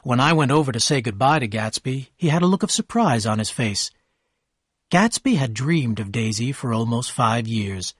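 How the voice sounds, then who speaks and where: Male narrator, slow and clear, husky, dry close recording, for learner audiobook. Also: mid-range voice, animated, no echo. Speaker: storyteller for English learners. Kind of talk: scripted narration.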